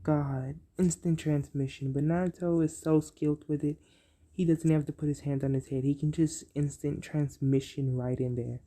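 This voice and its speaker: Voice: medium pitch, steady tone, normal speed, mellow. A storyteller casually narrating an improvised fan-fiction story, rambling with many ums and "so, yeah" fillers.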